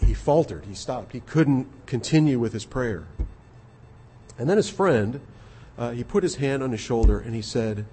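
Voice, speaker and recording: A man preaching an expository sermon, earnest and measured, often repeating his words. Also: medium pitch, a little mellow, husky. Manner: earnest, measured, with frequent repetitions.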